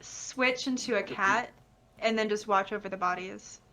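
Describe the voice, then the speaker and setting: A woman's voice: medium pitch, normal speed, sharp tone, rough recording. A woman playing a tabletop game, chatting as she thinks aloud and describes her character. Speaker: player.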